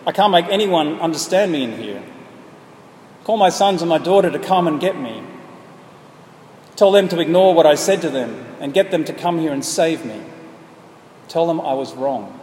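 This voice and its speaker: A desperate rich man, trapped and crying out for mercy, as a preacher acts him out. His voice jumps well above the preacher's own and gets louder. It rings through a long, echoey hall with faint noise behind. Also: on the high side, expressive, normal speed, long pauses, voice pushed up, natural voice. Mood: pleading. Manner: pleading, crying out.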